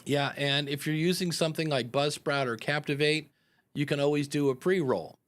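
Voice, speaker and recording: Guy coaching podcasters live, rambly, kinda high voice, acts out little promos. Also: moderate pace. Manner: rambling, animated, acts out example announcements. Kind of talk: live podcast advice chat.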